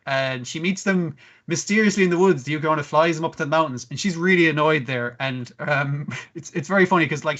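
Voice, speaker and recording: A man's voice: on the high side, a bit bright. A man co-hosting a podcast who recaps an episode casually, swearing often and acting out the characters' lines. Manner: profane storyteller who acts out quoted characters. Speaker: podcast co-host. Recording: slightly muffled lo-fi audio.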